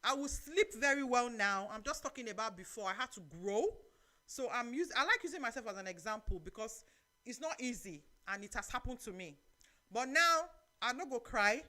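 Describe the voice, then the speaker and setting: A middle-aged woman with a Nigerian accent hosting a live church talk show, preaching lively advice and reading out viewer comments. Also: a little high. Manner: lively, preachy, mixes in Nigerian Pidgin phrases.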